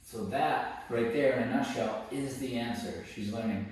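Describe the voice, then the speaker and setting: Echoey distant man coaching a dog. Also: normal speed. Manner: explains calmly, breaks into high coaxing praise for the dog. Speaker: dog trainer. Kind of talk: hands-on training lesson. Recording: very echoey, distant mic, faint noise.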